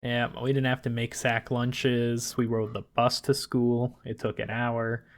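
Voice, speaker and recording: A man's voice: medium pitch, completely flat delivery, measured pace. A young man on a casual podcast, throwing in teasing quips. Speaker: podcast co-host. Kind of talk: casual chat.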